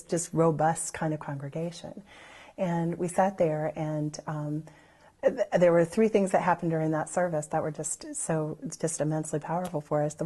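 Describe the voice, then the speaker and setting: A woman with a low, mellow voice recounts her personal story in a loose, unscripted way. She rambles and fills her sentences with "you know." She brightens when she repeats what other people said. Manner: lively when recalling others' words. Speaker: church member sharing her story.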